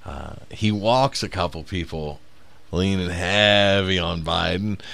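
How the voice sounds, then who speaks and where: A man who is a stand-up comic, telling profane, animated stories in a casual podcast chat. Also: deep voice, slow pace, vocal fry. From South Bend, Indiana.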